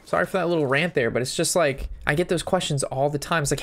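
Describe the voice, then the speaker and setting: A man's voice: fairly high pitch, fast, creaky, few pauses. A man giving casual gameplay commentary, thinking through his moves aloud and sometimes breaking into a sweary rant. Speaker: game streamer.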